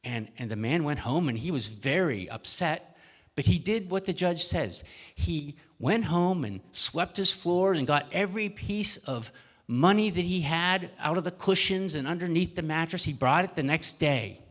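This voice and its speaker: A man's voice: fairly high pitch, expressive, normal speed. A male minister telling a children's story at a worship service, asking the children questions as he goes. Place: church sanctuary. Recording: echoey church hall.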